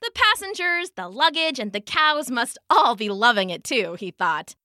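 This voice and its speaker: A woman telling a children's story aloud, animated and expressive, with a high, bright voice that swings widely in pitch. She plays up the sound-effect words, and the recording is dry and close with no room echo. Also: normal speed.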